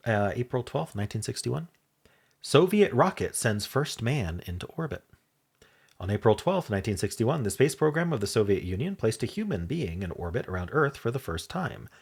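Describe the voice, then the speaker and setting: Creaky and breathy at a medium pitch, this man's voice belongs to a puzzle game channel host. He muses aloud over word puzzles in a casual, hesitant way, often catching and correcting himself.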